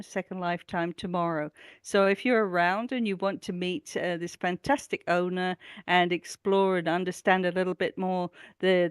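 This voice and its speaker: A woman's voice: lowish voice, clean tone, no echo. A woman presenting a regular events roundup on a talk show, chatty and enthusiastic, with lots of ums and uhs. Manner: chatty, enthusiastic, with frequent fillers. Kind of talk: casual community news roundup.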